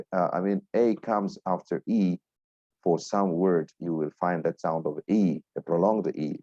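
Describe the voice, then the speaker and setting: A man's voice: low-pitched, warm tone, no room sound. A man teaching pronunciation, repeating each example word several times with fillers and self-corrections. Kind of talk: slow explanatory lesson with example words. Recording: dull dry lo-fi recording.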